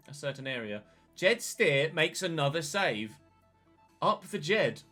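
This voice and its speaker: Man, gaming commentary, chatty, excitable, bright, faint background music. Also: a little high. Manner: chatty, bursts into excited shouts at big moments. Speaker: gaming channel host. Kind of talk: casual game commentary.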